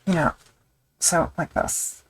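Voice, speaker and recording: A woman's voice: slow, rough recording. A woman chatting casually on a live stream while she tools leather, rambling and joking at her own expense. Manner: rambling, self-deprecating, thinks aloud with fillers.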